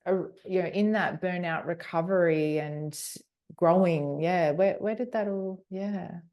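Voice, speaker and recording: A woman's voice: lowish voice, measured pace, highs cut off. A middle-aged woman hosting a podcast interview, speaking hesitantly with many fillers and restarts. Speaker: podcast host. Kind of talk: conversational interview.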